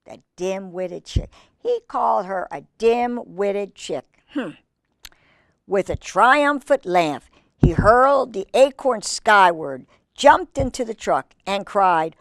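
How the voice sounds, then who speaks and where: A woman's voice: medium pitch, takes it slowly, dry recording, clean studio sound. A woman reading a picture book aloud to children, exclaiming and chatting about the pictures. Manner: animated, exclaiming, chatty asides to kids. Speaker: children's storytime reader.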